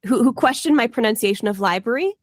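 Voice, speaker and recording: A woman's voice: on the high side, lively intonation, quick pace, no room sound, studio quality. A Canadian woman from the Toronto area, co-hosting a podcast in casual chat, talkative and laughing often as she wanders off on tangents. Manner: chatty, laughs often, digressive. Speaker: podcast co-host.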